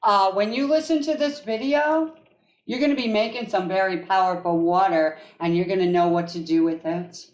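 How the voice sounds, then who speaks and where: A woman's voice: mid-range voice, moderate pace, a little mellow, echoey room. A woman hosting a live coaching call as an energy healer, emphatic, repeating affirmations in a chanting rhythm.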